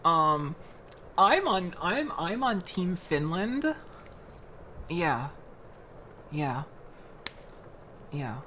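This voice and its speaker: A young woman from Florida, chatting casually on a livestream while building a model kit, animated and quick to laugh, with frequent restarts. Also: fairly low pitch, a little hiss or hum. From Florida, United States. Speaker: streamer.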